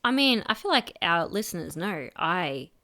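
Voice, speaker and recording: A woman co-hosting a podcast in easy, rambling conversation. Her voice sits on the low side yet sounds bright and forceful, swinging widely in pitch as she talks. She peppers her speech with fillers and playful imitations. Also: very animated, normal speed. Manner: chatty, full of fillers, mimics sounds playfully. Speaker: podcast co-host. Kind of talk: casual chat.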